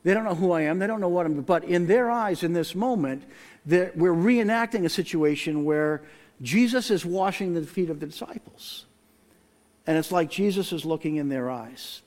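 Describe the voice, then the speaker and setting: Pastor, late middle age, slightly raised pitch, earnest and quiet-spoken, preaching on a stage mic in a big church. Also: male voice, moderate pace. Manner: earnest, reflective, soft passages dropping to near hush. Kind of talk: sermon with personal storytelling. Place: large church sanctuary. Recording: long hall reverb in a church.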